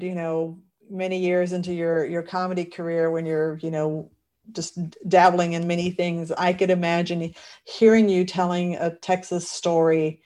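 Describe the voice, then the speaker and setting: Friendly, fairly low-voiced woman interviewer. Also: dark tone. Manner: friendly, chatty, laughs easily. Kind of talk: casual interview.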